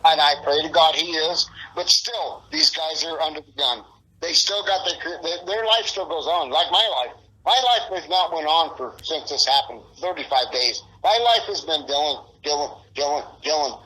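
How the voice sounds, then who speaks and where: Profane rambling middle-aged man, husky. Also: fairly high pitch, normal speed, bright, forceful tone, low-quality recording. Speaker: interviewee. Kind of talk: casual interview.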